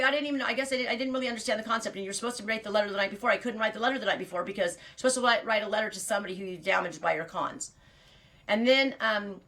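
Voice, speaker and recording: Gravelly fast-talking woman in her fifties. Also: mid-range voice, bright, forceful tone. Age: 50s. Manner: rambling, blunt, full of fillers and restarts; laughs often. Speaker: host. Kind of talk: candid personal storytelling.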